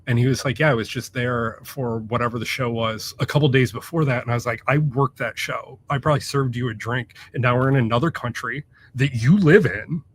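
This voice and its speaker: A man's voice: mid-range voice, a little fast, hardly any pauses, a little hiss or hum. Casual, profane man telling stories. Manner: loose, profane, filler-heavy storytelling. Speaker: guest author. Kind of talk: casual interview chat.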